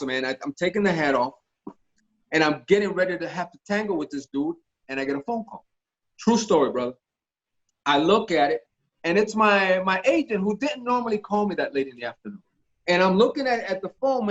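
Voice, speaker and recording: Man, podcast guest, high-pitched, animated storyteller, profane, muffled lo-fi audio. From Miami. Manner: animated, profane, acts out voices in his stories. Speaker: actor guest telling stories. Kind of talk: casual storytelling interview.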